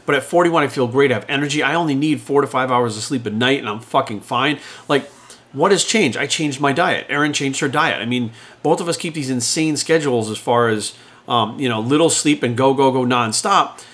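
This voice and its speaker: A man in his forties rants at a quick clip, blunt and heated. He swears constantly and talks like a fitness trainer. His voice sits at an average pitch. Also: fairly bright tone. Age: 40s. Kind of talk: unscripted rant to camera.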